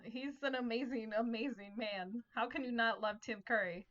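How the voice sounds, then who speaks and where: High, bright, giggly female co-host. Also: normal speed, lo-fi sound. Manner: giggly, swears often. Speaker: podcast co-host. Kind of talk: casual chat.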